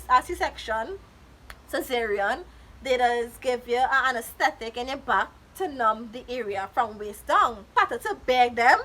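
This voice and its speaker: High, bright-voiced woman vlogger. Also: a little hiss or hum, poor audio. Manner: animated, dramatic retelling with quoted voices. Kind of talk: casual storytime.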